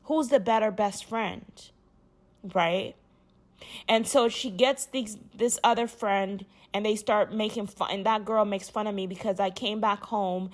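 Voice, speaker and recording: A woman's voice: medium pitch, steady tone, measured pace. A young woman from Uganda, telling her own story in a rambling, heartfelt monologue full of restarts.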